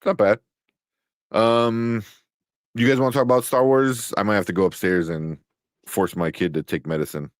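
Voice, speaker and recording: A man co-hosting a casual show chat, animated, laughing often and restarting his sentences. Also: lowish voice, moderate pace, pauses often, no room sound, clean studio sound. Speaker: co-host.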